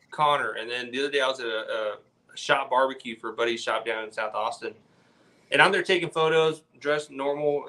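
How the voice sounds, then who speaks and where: A man's voice: medium pitch, vocal fry, sharp tone. A young man, a guest on a casual podcast, telling rambling stories full of "like". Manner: rambling storyteller, says "like" a lot. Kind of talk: casual chat.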